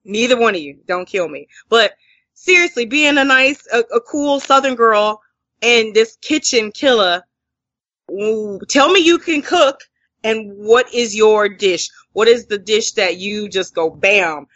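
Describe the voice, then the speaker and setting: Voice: mid-range voice, lively intonation, unhurried, sharp tone, dry recording, highs cut off. An interview host from the northern US, joking and teasing through casual chat.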